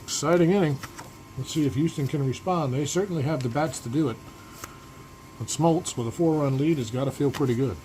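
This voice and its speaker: A man's voice: fairly high pitch, brisk, dark tone, rough recording. A man giving broadcaster-style play-by-play of a tabletop baseball game, with asides about his dice rolls. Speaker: replay host and play-by-play announcer. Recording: air-conditioning hum in the background.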